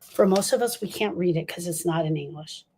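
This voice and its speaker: A woman's voice: fairly low pitch, brisk, very noisy. Older woman, emphatic grief talk. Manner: emphatic, repeats lines for stress, addresses listeners directly. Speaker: grief support speaker.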